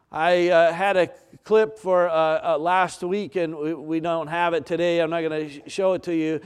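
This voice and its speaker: A male pastor delivering a sermon, leaning on repetition and dramatic pauses to build his points. His voice sits fairly high and sounds smooth and resonant, with occasional fillers and restarts. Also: little pitch movement.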